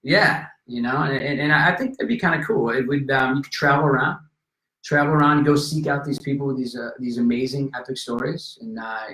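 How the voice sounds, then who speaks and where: A man in casual conversation telling a story with lively energy, acting out the people in it. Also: medium pitch, fairly quick, a little hiss or hum. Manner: animated, acts out voices in anecdotes. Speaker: podcast guest. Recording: roomy echo.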